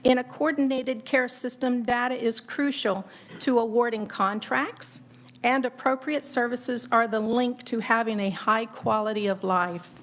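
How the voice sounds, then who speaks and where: A woman reading prepared testimony to a legislative committee in a measured, formal manner. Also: a little high, fairly even intonation, a bit bright.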